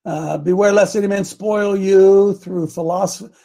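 A man preaching a sermon, fervent and folksy, climbing into loud emphatic passages when he reads scripture. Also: high voice, fairly even intonation, moderate pace, gravelly. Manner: fervent, rising to shouts on scripture, folksy asides.

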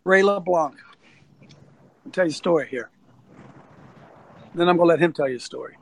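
A ministry leader known as Coach livestreams a preaching talk into his phone, telling a folksy story and rallying listeners to serve in an animated way. His voice is on the high side and creaky, moving at normal speed, and the recording quality is low.

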